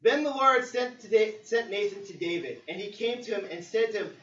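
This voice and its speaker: Man, preacher, sermon, high bright voice, roomy distant dull recording. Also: brisk. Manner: lively storytelling with acted-out quotes.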